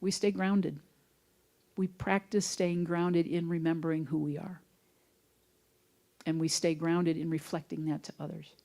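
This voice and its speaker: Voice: medium pitch, little pitch movement, measured pace, long pauses, darkish tone. A minister giving a conversational sermon in a church sanctuary, telling folksy stories. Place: church sanctuary, also streamed online.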